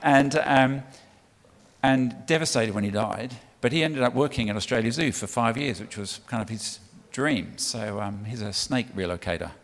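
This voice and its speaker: A man's voice: medium pitch, moderate pace. Man preaching in an echoing hall. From England. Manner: chatty and warm, with frequent ums and restarts. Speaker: guest speaker for a child sponsorship charity. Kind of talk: sermon talk to a church congregation. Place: church hall. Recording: long reverb of a large hall.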